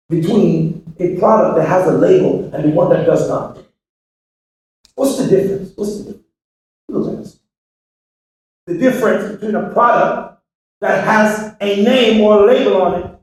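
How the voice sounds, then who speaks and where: A man with a high-pitched voice delivers a motivational speech to a hall full of listeners. He swings between shouting and hushed, preachy asides, and he keeps pressing the crowd with questions. The sound is very roomy and captured from far off in a large hall. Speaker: motivational speaker to students. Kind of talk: motivational speech to a live audience. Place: large echoey hall with an audience.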